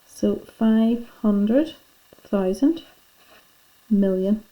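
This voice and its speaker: On a muffled recording, a woman teacher speaks very slowly in a mid-range voice. She patiently and chattily guides pupils through filling in their lesson notes during a classroom lesson on worksheet notes.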